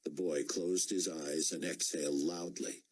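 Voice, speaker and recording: Husky low-voiced male audiobook narrator. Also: steady tone, rough recording. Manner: measured storytelling. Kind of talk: scripted narration.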